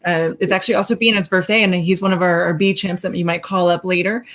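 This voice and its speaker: A woman's voice: on the low side, fairly even intonation, fast talker, fairly bright tone. A woman from the sanctuary staff chatting casually and a little hesitantly about the animals. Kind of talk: casual chat.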